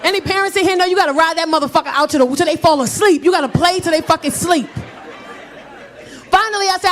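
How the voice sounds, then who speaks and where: A woman in her forties doing profane stand-up comedy, telling animated stories with loud shouted bursts. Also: extremely high pitch, fast, some chatter behind. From Belizean and Nigerian heritage. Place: comedy stage with live audience.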